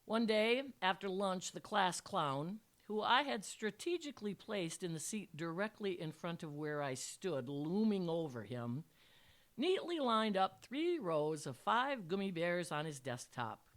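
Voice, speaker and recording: A woman's voice: fairly low pitch, very animated, measured pace. An older woman, a retired teacher, reading a personal story aloud with dry, wry humor. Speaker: retired teacher telling a memoir.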